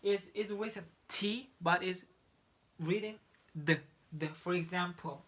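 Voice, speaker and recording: A man from Turkey with a Turkish accent, a native Turkish speaker teaching English pronunciation in a halting way, with many restarts. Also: high-pitched, a bit bright, a little hiss or hum. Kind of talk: online lesson.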